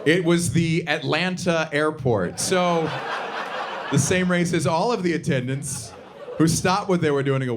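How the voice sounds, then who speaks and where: A man from the Southern US performing a stand-up comedy set on a theater stage, with a sardonic, punchy delivery and sudden high-pitched outbursts. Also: lively intonation, measured pace, crowd noise. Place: theater stage before a live audience. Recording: live stage recording with audience noise.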